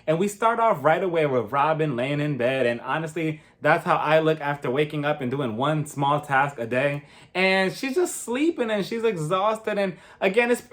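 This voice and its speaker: Young male vlogger, sassy and animated, high-pitched and very expressive. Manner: sassy, animated storytelling with mocking quotes. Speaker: reality TV reviewer. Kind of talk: casual recap vlog.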